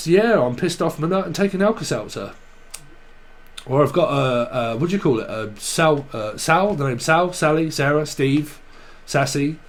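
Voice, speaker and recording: A man with a Cockney accent giving a rambling tarot reading, riffing through names and word associations in a playful, swearing way. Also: medium pitch. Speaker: tarot reader.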